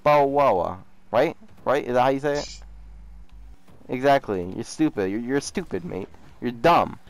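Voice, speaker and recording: Speaking at normal speed in an expressive mid-range voice, a young YouTuber teases and mocks another player while casually gaming. He's trolling a scammer, repeating himself often and saying "bro" frequently.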